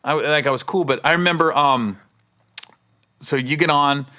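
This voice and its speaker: A man's voice: fairly high pitch, moderate pace. A man hosting a comedy podcast, chatting casually and acting out quoted lines as he tells a story. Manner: animated storyteller, acts out quotes. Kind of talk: casual chat.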